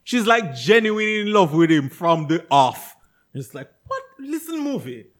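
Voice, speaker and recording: A man in casual conversation, tearing into a movie with exasperated energy. His fairly high voice swings widely in pitch, and he throws in curses and mock-quotes of his own reactions. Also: normal speed. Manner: animated, exasperated, swearing, acts out reactions. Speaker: podcast co-host. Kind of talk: casual chat, movie review rant.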